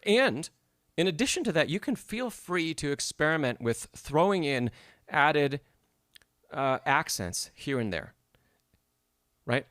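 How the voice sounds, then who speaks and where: A man's voice: a little high, fairly bright tone, no room sound, studio quality. A man giving an encouraging piano masterclass on a live stream, explaining phrasing and humming passages aloud. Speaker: piano teacher.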